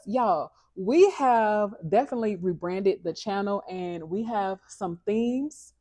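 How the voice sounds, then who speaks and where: Slow-talking woman livestream host. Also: medium pitch, animated, dry recording. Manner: chatty, upbeat, motivational, keeps checking in with viewers. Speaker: livestream host and dog breeder. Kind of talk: casual livestream chat. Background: soft background music.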